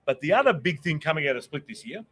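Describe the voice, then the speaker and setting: A man's voice: on the high side, sing-song, fast, a bit bright. A man hosting a casual chat on camera, blunt, swearing freely and getting worked up. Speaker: podcast host.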